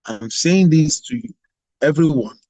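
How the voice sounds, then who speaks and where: A man's voice: a little high, expressive, unhurried, darkish tone, dry recording, poor audio. A man giving an emphatic motivational address, full of repetition and rhetorical questions. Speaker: global president of organization.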